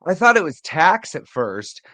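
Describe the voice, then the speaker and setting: A man guesting on a podcast, telling an excited, profane story in casual chat. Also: on the high side, measured pace, no room sound. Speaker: guest wrestling fan.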